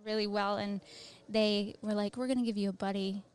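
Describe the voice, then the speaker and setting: A woman's voice: medium pitch, fairly even intonation, a little fast. Chatty woman in her thirties. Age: 30s. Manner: chatty, many fillers of "like" and "um". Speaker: guest, Army veteran. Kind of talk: casual interview chat.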